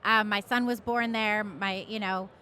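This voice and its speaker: A woman's voice: mid-range voice, steady tone, unhurried, pushed and bright, slight background noise. A middle-aged American woman guest talking frankly and with animation at a live event, with some fillers. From United States. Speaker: guest, magazine editor. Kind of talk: casual interview talk.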